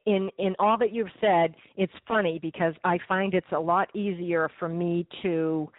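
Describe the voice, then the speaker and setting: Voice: mid-range voice, fairly even intonation, moderate pace, no echo. A radio host in casual conversation, speaking in a chatty and reflective way. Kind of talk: casual radio interview talk. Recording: phone-like narrow dry sound.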